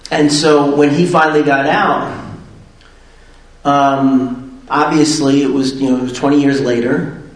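Middle-aged man, candid storyteller who mocks himself, mic set back in a very reverberant room. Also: medium pitch. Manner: candid, self-mocking, laughs at himself. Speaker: speaker sharing recovery story. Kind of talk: personal storytelling. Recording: very echoey room, distant mic.

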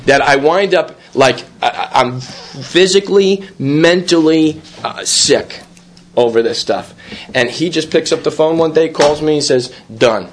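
A man's voice: fairly high pitch, slight background noise. A man sharing a rambling personal recovery story, full of fillers, restarts and quoted dialogue. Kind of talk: personal testimony at a recovery meeting.

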